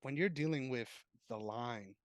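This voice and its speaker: A man's voice: mid-range voice, measured pace, no room sound. A man co-hosting a casual sports podcast, joking and swearing, laughing often. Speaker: podcast co-host.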